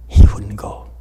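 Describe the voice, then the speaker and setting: This Buddhist meditation teacher, a man with a slightly mellow voice, gives a relaxed dharma talk. He tells stories full of jokes, laughs frequently and speaks right to the people listening.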